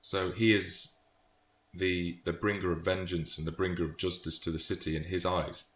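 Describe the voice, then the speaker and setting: Deep-voiced British man discussing books. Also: little pitch movement, moderate pace, a bit bright. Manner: thoughtful, with restarts. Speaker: book vlogger. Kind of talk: casual book commentary. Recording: echoey room, faint noise.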